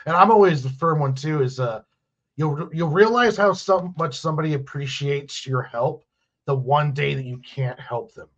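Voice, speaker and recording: A man's voice: fairly high pitch, normal speed, a bit bright. A man co-hosting a casual podcast, agreeable and chuckling along with short remarks. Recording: dull lo-fi audio.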